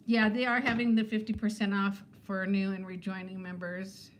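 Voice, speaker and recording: A woman's voice: medium pitch, steady tone, moderate pace, few pauses, a little hiss or hum. A woman in her fifties who is a weight-loss vlogger, chatting casually with viewers on a livestream in a rambling way and laughing often. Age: 50s.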